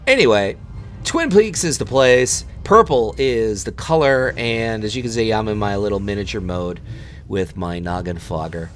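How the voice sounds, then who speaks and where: A man's voice: lowish voice, animated, moderate pace, a little hiss or hum. A man recording voiceover commentary over his gameplay, joking and taunting the players he fights.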